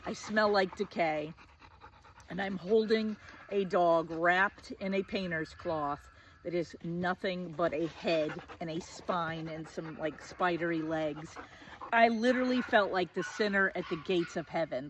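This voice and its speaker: A woman's voice: on the low side, moderate pace, a little hiss or hum. A woman in her forties telling a personal story in a vivid, self-mocking, conversational way, full of "like" asides. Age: 40s.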